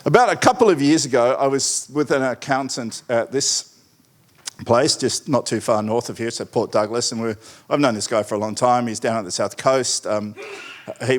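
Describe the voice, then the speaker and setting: A middle-aged man giving a conference keynote, telling stories with wry, digressive asides. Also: medium pitch. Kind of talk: conference presentation.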